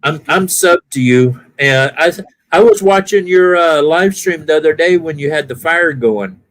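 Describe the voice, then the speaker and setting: This older man chats casually as a live-stream viewer, wandering and self-correcting, in an accent that's part Southern, part Californian. His voice is a little high and a bit bright, with lively intonation at normal speed.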